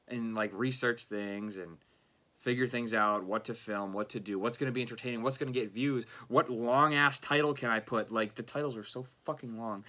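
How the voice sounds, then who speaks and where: A man's voice: on the low side, bright, forceful tone. A young man, rambling casually and frustratedly about his own videos, full of fillers and swearing. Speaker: YouTuber. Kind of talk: unscripted rambling monologue.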